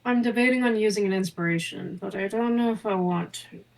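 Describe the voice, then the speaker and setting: A woman's voice: mid-range voice, fairly quick, a little mellow, distant mic, low-quality recording. A woman playing in a tabletop game, weighing her options in a matter-of-fact way. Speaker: player. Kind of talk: casual tabletop play.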